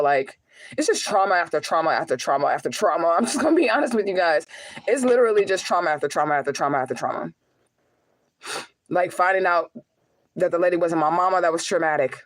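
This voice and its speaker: A woman's voice: medium pitch, low-quality recording. A young woman talks to her followers in an emotional personal vlog. Her voice is close to tears, and she speaks in a raw, profane way, circling back to the same phrases again and again as she pleads with her viewers.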